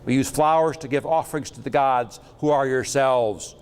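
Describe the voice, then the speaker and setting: A man's voice: medium pitch, moderate pace, darkish tone, clear, resonant tone, in a large hall. A man giving a lecture with slides on metaphysics, talking in a rambling, jokey and irreverent way.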